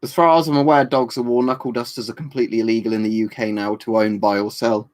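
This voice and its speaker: A man's voice: mid-range voice, little pitch movement, fast, a little mellow. Chatty British man answering his chat. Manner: rambling, chatty, many fillers and tag questions. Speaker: livestream host answering chat. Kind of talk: casual live chat.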